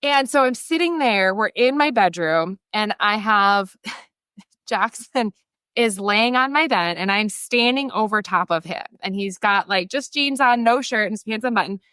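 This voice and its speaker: A chatty woman in her thirties spins stories in a lively, laughing way, acting out the voices of the people in them. Her voice sits mid-range and is recorded dry and close. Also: mid-range voice, clean tone, no room sound. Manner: chatty, animated, laughs often, acts out quotes. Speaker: guest photographer. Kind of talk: casual storytelling interview.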